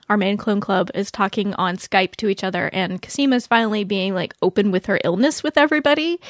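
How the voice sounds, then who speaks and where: A woman hosting a podcast, chatting casually about a TV episode, animated and laughing often. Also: no room sound, studio quality. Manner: animated, laughs often, quotes scenes in a lowered voice. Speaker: podcast host. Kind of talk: casual TV recap chat.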